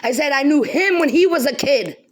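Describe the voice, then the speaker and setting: A woman vlogger rants straight to camera in a high voice that swings widely up and down. She is heated and profane, hammering her points home by repeating them. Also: expressive, fairly quick. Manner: heated, profane, emphatic, repeats lines for stress. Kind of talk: angry direct-to-camera rant.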